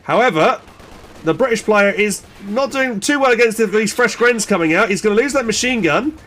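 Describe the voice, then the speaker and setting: A man casting a strategy game match in excited play-by-play, exclaiming and swearing, with frequent restarts and fillers. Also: high voice, normal speed. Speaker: game caster.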